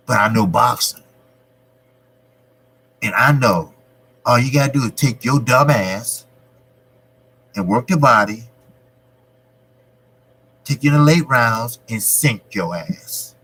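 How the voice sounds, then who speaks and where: A man's voice: mid-range voice, lively intonation, slow pace, pauses often, a bit bright, breathy edge, low-quality recording. A man hosting a boxing livestream, reading the live chat aloud and talking bluntly and profanely in casual street banter.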